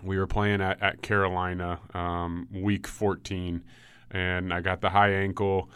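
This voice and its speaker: A man in his thirties, a former football player, telling injury stories in a relaxed way with many ums. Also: sits low, unhurried, smooth, dry recording. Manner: relaxed storytelling with frequent ums and likes. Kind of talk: casual podcast chat.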